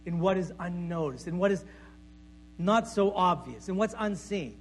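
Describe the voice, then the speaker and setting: A male pastor preaching a sermon before a congregation in a conversational way, checking in with "right?" and dropping to a soft voice for emphasis. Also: high voice, normal speed, slight background noise. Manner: conversational preaching with frequent "right?" tag questions and stammered repeats; drops to soft, quiet tones for emphasis.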